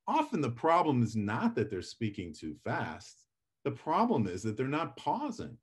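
A man's voice: medium pitch, big pitch swings, normal speed, husky. A middle-aged man teaching public speaking in a live lecture, chatty and self-deprecating, acting out his examples with drama.

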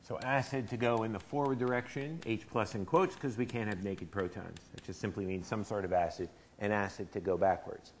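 A man's voice: fairly low pitch, fairly quick, few pauses, a little hiss or hum. Casting: male chemistry professor, lecture hall, chatty and quizzing the class. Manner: asks the class questions, conversational. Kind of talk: university lecture.

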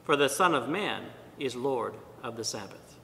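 Bright-voiced priest in a reverberant church. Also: male voice, animated, vocal fry. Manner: measured, deliberate reading with pauses. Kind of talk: liturgical reading and homily. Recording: long church reverb, faint rumble.

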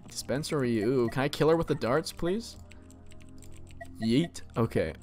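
A man at an average pitch reading out a text horror game and chatting over it, loose and profane, cracking up at the writing. soft music plays faintly in the background. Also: expressive, moderate pace. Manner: laid-back, sweary, laughs at the game. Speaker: let's play host. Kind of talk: game commentary and reading aloud.

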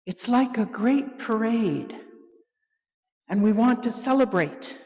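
A woman leading a church worship service, reading liturgy in a measured, solemn way. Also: on the high side, animated, darkish tone, muffled recording. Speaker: worship leader. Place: church sanctuary. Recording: long reverb of a church hall.

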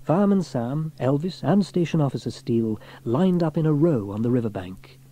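A man reading a children's storybook aloud in an expressive way. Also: on the high side, normal speed.

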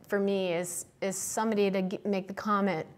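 A middle-aged woman sculptor chatting as a guest in an interview, warm and encouraging, laughing often as she talks. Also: mid-range voice, level tone, fairly quick. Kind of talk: casual interview chat.

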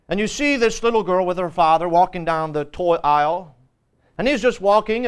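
High, clear-voiced male pastor. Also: a bit bright. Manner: earnest, emphatic, with frequent fillers. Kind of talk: Sunday school teaching. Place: church.

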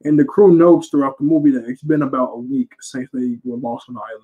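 A man's voice: mid-range voice, steady tone, fast, slightly rough, narrow, tinny audio. A young man casually recapping a film, rambling and slangy and often correcting himself. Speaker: reviewer.

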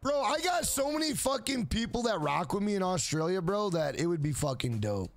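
A man's voice: high-pitched, very animated, fairly quick, no room sound. A man live-streaming a video game, chatting casually with viewers in a rambling, profane way.

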